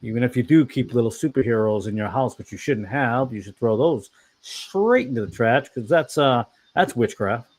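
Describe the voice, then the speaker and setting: A man's voice: mid-range voice, animated, moderate pace, darkish tone. Blunt, rambling man preaching casually. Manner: rambling, self-correcting, blunt opinions. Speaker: online fellowship discussion host.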